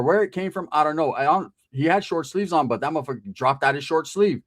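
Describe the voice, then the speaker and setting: A man's voice: on the high side, fast talker, hardly any pauses. A man telling a profane comic story about his past, acting out the people in it.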